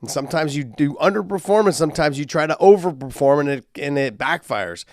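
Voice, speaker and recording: A man's voice: on the high side, animated, a little fast, darkish tone, no echo, studio quality. A man co-hosting a podcast in loose, casual chat, with plenty of filler words. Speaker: podcast co-host.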